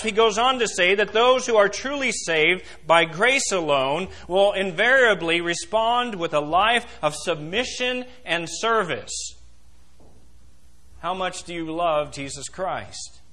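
A man's voice: sits high, pushed and bright. A male pastor preaching a sermon in a church and putting questions to the congregation. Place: church sanctuary.

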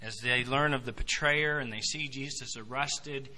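A man preaching a sermon, emphatic, swinging between loud proclamations and quiet asides. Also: medium pitch, steady tone, normal speed. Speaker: pastor. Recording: long hall reverb.

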